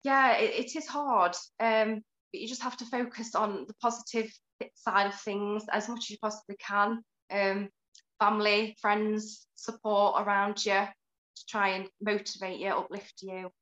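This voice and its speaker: Bright, cheerful British woman, roomy audio. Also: medium pitch, fairly even intonation, a little slow, muffled recording. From United Kingdom. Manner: cheerful, upbeat, laughs easily. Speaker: guest, beauty YouTuber. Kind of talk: casual interview chat.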